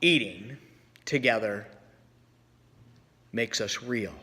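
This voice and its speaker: A man preaching a sermon as pastor, telling stories with voiced quotes and slow pauses. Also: on the low side, animated, pushed and bright. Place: church sanctuary. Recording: long church reverb.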